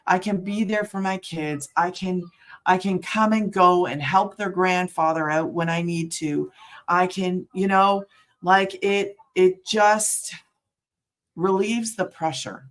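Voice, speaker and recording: Middle-aged woman, regular vlog host, chatty and meandering, breaks off mid-sentence, quick to laugh. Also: lowish voice, steady tone. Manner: rambling, self-interrupting, laughs often. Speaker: work-from-home business promoter. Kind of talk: casual livestream chat.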